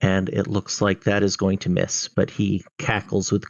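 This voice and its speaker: A man's voice: low-pitched, completely flat delivery, moderate pace, creaky, few pauses, dry recording, lo-fi sound. A man running a tabletop game as dungeon master, narrating enemy turns with frequent ums and uhs. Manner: hesitant, many fillers.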